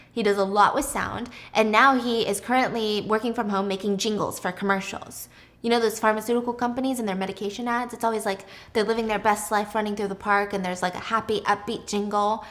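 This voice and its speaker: A woman hosting a casual movie recap, chatty and animated, swearing freely as she tells it. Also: on the high side. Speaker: host.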